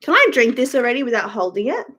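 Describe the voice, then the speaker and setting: A woman's voice: fairly high pitch, big pitch swings, fast talker, fairly bright tone. A woman live-streaming a blunt, profane rant as she answers viewer comments. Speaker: YouTuber live-streaming to chat. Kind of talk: casual ranting live-stream chat.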